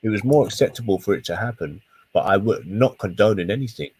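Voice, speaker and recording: A man's voice: on the low side, lively intonation, fast talker, darkish tone, slightly rough, no room sound. A man in a heated casual podcast debate, emphatic and swearing, repeating words to press his point. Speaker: podcast co-host.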